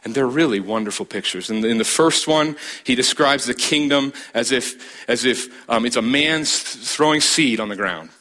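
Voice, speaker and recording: A man preaching a sermon as a pastor, building emphasis with dramatic pauses and repeated phrases. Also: mid-range voice, pushed and bright.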